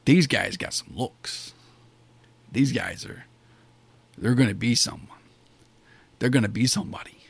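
A man talking through a wrestling show review in a loose, rambling way, full of fillers and restarts. His pitch sits in a middle range for a man, and the sound is dry and close, with no room around it. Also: a little slow, gravelly, pauses often, husky, dry recording. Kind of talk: casual spoken review.

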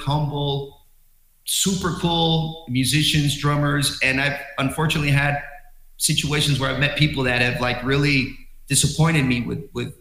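A man, a drummer guest, telling a story in a casual interview in an animated, excitable way with many restarts. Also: fairly high pitch. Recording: roomy echo.

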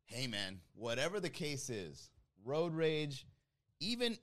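A man's voice: a little high, very animated, slow, fairly bright tone. A man hosting a casual stream, reading chat comments aloud and riffing on them with a lot of laughter. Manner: laughs often, loose joking banter. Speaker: host reading live chat.

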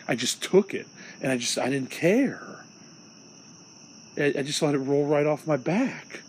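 A man's voice: fairly high pitch, expressive, measured pace, slight background noise, low-quality recording. A young man from Illinois hosting a solo podcast, venting in a rambling, profane, agitated way. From Illinois, USA. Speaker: podcast host.

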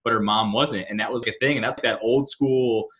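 Fast-talking bright-voiced man. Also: medium pitch, steady tone. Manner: quick, wry and reasoning. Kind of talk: casual chat.

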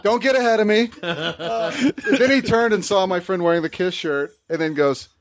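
A man on a casual comedy podcast who tells an anecdote with excitement. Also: high-pitched, normal speed. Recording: loud background noise.

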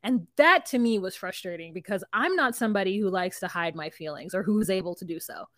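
A woman co-hosting a casual podcast about a reality TV show, animated and swearing, often acting out what people said. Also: mid-range voice, fairly quick, no room sound, clean studio sound. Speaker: podcast co-host. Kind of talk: casual reality TV recap chat.

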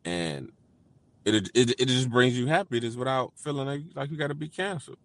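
A man co-hosting a casual podcast chat, thinking aloud in a relaxed way. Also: medium pitch, fairly quick. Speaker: podcast co-host.

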